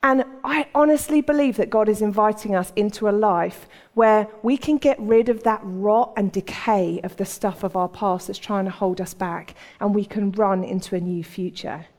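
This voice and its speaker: A woman's voice: medium pitch, moderate pace, hardly any pauses, a little mellow. A woman giving a sermon in a conversational storytelling manner, acting out the voices in the stories she tells. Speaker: preacher. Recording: long hall reverb.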